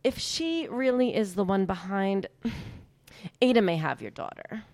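Actress playing a woman school head, anxious, pleading, gravelly, dry recording. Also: mid-range voice, expressive, measured pace, darkish tone, no echo. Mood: confessing. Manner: earnest, pleading. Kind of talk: audio drama acting.

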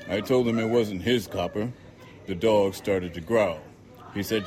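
A man narrates a novel in the first person, his voice sitting low and steady. His delivery is measured and dry, letting ironic lines land without extra push. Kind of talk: audiobook narration.

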